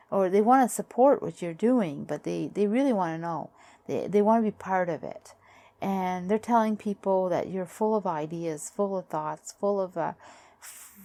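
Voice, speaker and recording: A woman with a lowish voice reads tarot cards in a casual, thinking-out-loud way. Her voice is strained because she is losing it. She circles back over her words in halting, repeated phrases. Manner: musing aloud, halting and repetitive. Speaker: tarot reader. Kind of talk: casual tarot card reading.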